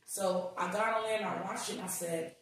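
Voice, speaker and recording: A woman guest on a podcast, telling stories in casual chat, animated and swearing as she acts out what people said. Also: medium pitch, fast, slight background noise. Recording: echoey room, distant mic.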